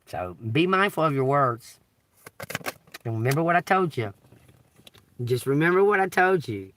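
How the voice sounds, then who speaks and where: A man's voice: a little high, very animated, moderate pace, fairly bright tone, a little hiss or hum. A man, reading scripture on a tarot livestream and riffing on it casually, asking "okay?" over and over. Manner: reads scripture then riffs casually, repeats "okay?" often; emphatic, swears and laughs while preaching. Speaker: tarot reader.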